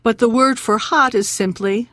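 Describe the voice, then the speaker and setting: Female language teacher on radio, slightly high and dry-sounding, patient and repetitive. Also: fairly bright tone, no echo. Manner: patient teacher, slows and repeats words. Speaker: language lesson host.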